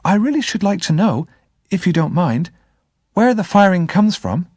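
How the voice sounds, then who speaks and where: A man's voice: sits high, sing-song, moderate pace, darkish tone, no echo, studio quality, voice pushed up, heavily acted. A man voicing a frightened, polite young boy. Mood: timid. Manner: timid, pleading.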